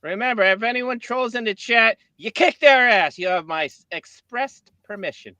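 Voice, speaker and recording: A man's voice: extremely high pitch, moderate pace, sharp tone, no echo, poor audio. A man hosting a livestream, chatting casually and playfully with a co-host. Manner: playful, jokey banter.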